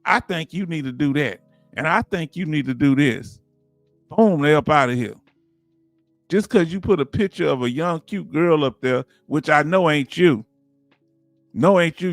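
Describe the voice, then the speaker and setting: Animated Southern man, slightly high voice. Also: no room sound. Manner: animated, preachy, rhetorical questions. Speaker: livestream host. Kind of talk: casual livestream talk.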